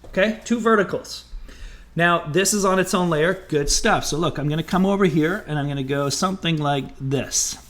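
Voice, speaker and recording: Chatty higher-voiced male art teacher. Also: normal speed, fairly bright tone. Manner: chatty and encouraging, thinking aloud while sketching. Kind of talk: drawing tutorial.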